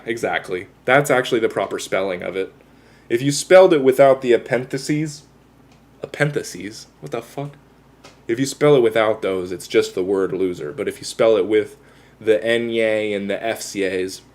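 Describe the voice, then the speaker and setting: A man's voice: mid-range voice, unhurried. A man chatting casually with his livestream viewers, rambling, self-mocking and swearing freely. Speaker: live streamer.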